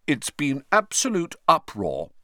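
A man's voice: a little high, huge pitch swings, unhurried, sharp tone, dry recording, clean studio sound, pitched above the performer's own voice, full character voice. A man reading aloud and voicing a pompous, self-important young official.

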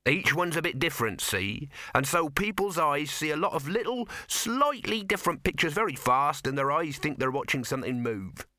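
A man's voice: on the high side, lively intonation, normal speed, few pauses, sharp tone, no echo, voice pushed up. A man voicing a chatty older male film craftsman who eagerly explains his trade, in an audiobook reading. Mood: explaining.

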